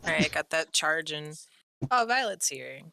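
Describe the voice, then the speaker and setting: A man's voice: fairly high pitch, big pitch swings, a little slow, creaky, pushed and bright, a little hiss or hum. A man chatting in a laid-back, joking way with friends. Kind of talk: casual chat.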